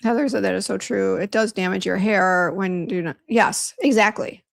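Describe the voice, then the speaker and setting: A beauty brand owner on a livestream speaks in a mid-range voice with vocal fry at a normal speed. Her casual chat mixes reading viewer comments and greeting people by name with venting about a bad hair appointment, punctuated by fillers and restarts.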